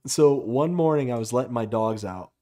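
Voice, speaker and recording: A man from Florida, a guest on a chat show, telling a story in a drawn-out, dramatic way. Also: mid-range voice, warm tone.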